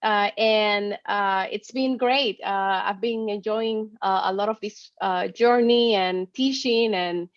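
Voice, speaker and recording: A woman's voice: medium pitch, fairly even intonation, slow, few pauses, no room sound. A woman from Puerto Rico introducing herself as a professor on a webinar, hesitant, with many fillers. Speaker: assistant professor. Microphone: video call. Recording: dull dry video call audio.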